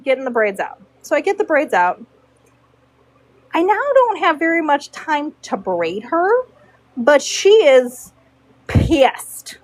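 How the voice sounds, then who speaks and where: A woman's voice: high voice, no echo, poor audio. A woman casually telling a story from her work as a horse braider, acting out the people in it. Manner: animated, acts out quoted dialogue.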